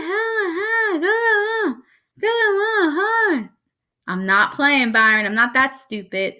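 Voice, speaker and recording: A woman reading a novel aloud in a lively, wry first-person voice. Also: mid-range voice. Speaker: reader.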